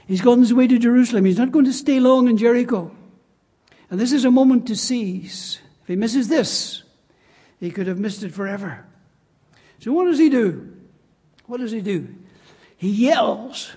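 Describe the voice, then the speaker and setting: A man's voice: very high-pitched, mellow, husky. A man preaching a sermon in church, emphatic and repeating his key phrases. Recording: long reverb of a church hall.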